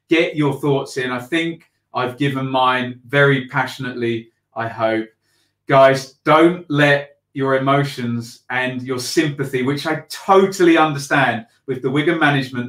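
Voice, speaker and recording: A man hosting a football channel, giving a passionate, emphatic reaction full of repeats and ums. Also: mid-range voice. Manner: animated, emphatic, repeats phrases, many ums. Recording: echoey room.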